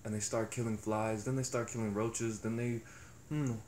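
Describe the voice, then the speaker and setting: A man's voice: lowish voice, little pitch movement, normal speed, a little mellow. Young male vlogger, reflective and foul-mouthed, recorded in a roomy space with a faint hum. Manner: rambling, profane, reflective. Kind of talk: casual monologue. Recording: echoey room with faint ambience.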